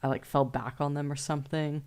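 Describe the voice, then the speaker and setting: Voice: medium pitch, level tone, fairly quick, a little mellow, smooth. A podcast co-host in casual chat who laughs often and gives short listening replies.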